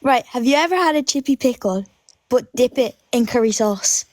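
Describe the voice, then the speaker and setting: A woman's voice: fairly high pitch, expressive, moderate pace. An Irish woman calling into a livestream for a casual chat, eager and matter-of-fact. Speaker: caller on a livestream.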